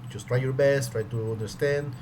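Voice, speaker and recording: Man, course reviewer, casual commentary, hesitant, repeats himself, steady noise behind. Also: medium pitch, moderate pace. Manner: hesitant, repeats words and restarts. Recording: audible background noise.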